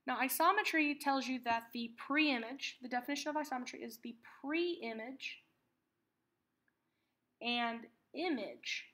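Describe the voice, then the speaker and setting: Woman math teacher, clear bright voice, slows down to repeat key words. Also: sits high. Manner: patient, repeats key terms slowly. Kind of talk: classroom lesson explanation.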